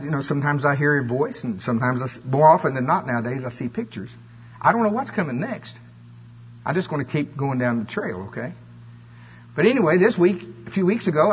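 A man preaching a conversational sermon, telling stories in a folksy, animated way. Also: fairly high pitch, breathy edge. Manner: folksy, animated storytelling with voiced asides. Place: church. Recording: dull lo-fi church recording.

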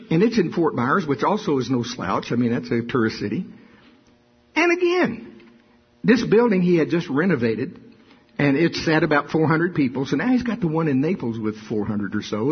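An older man preaching a sermon full of stories, talking in an animated, folksy way that often repeats itself. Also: a little high, normal speed, breathy edge, lo-fi sound. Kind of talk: sermon with storytelling.

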